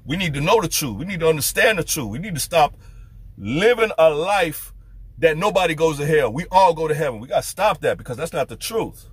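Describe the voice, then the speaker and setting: A male street preacher delivers a fervent sermon, pressing his listeners with one rhetorical question after another. His voice is slightly high and husky. The sound is dry and close. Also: expressive, fairly quick, no room sound. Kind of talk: preaching to camera.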